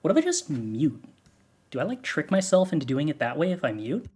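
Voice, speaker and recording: A man's voice: a little high, big pitch swings, a little fast, darkish tone, husky. A man streaming, chatting casually into his microphone, wandering off and second-guessing himself with wry asides. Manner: rambling, self-questioning, wry. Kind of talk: casual stream chat between singing warm-ups.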